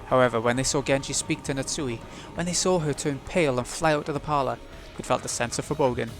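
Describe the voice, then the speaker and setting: A man reading the narration of a visual novel aloud as a let's play, in a steady storytelling read. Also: medium pitch, fast, soft background music.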